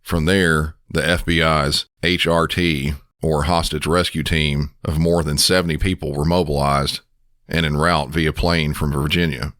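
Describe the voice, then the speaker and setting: A man with a Southern American accent, a podcast host and dispatcher, narrating a case in a calm, measured way. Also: very deep voice, dry recording, studio quality. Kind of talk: scripted narration.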